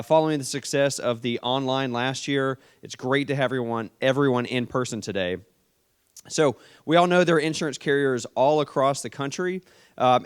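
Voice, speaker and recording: A man with a warm down-home Tennessee drawl opens a conference from the stage. His voice is smooth and resonant at an ordinary pitch, and he keeps his welcome folksy and friendly. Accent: Southern US, Tennessee. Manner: folksy and friendly, says "y'all" often. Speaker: state insurance commissioner giving welcome remarks.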